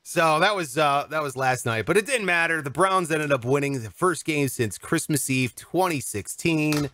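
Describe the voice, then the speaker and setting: A young man co-hosting a podcast, telling a story in a casual, animated, joking way and acting out what people said. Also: a little high, normal speed, a little hiss or hum. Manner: animated, jokey, acts out quotes. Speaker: podcast co-host.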